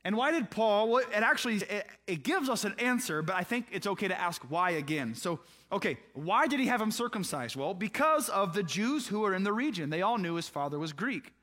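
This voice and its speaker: Man, pastor, high-pitched voice, chatty sermon, questions to the congregation. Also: very animated, a little fast, few pauses, sharp tone. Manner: conversational, asks the listeners questions; acts out voices of people in the story.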